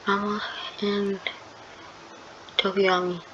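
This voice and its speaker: A woman's voice: medium pitch, level tone, takes it slowly, fairly bright tone. A woman improvising a fan-fiction story, rambling and hesitant with many fillers and restarts. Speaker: channel host telling a fan story. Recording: dull lo-fi sound with clear background noise.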